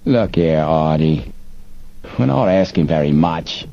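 A man voicing a sour, menacing male smuggler chief in an audiobook, speaking slowly and threateningly. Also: a bass voice, lively intonation, creaky, warm tone, full character voice. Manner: slow, sour, menacing delivery. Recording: dull lo-fi recording, faint hiss.

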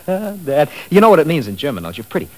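An actor playing a salesy, excitable Hollywood publicity man in a 1950s radio drama, heard in an old broadcast recording with music behind him. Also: a little high, fairly quick. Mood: pitching. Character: pushy fast-talking male Hollywood publicity man.

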